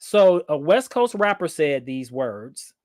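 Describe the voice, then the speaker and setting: A man's voice: on the high side, big pitch swings, takes it slowly, darkish tone, no room sound, clean studio sound. Playful man hosting a livestream. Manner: playful, reads viewer comments aloud, laughs often. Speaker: livestream host. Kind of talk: casual livestream chat.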